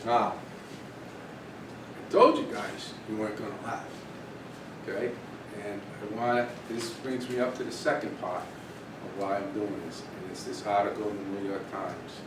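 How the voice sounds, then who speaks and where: A middle-aged man, a teacher, telling a candid story to his class in an animated way. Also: unhurried, long pauses. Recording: echoey room from far off, faint rumble.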